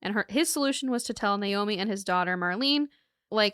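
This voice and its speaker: A woman's voice: mid-range voice, expressive, a little fast, fairly bright tone, smooth, dry recording, studio quality. A woman co-hosting a podcast, telling a true crime case in a casual, joking way and laughing often.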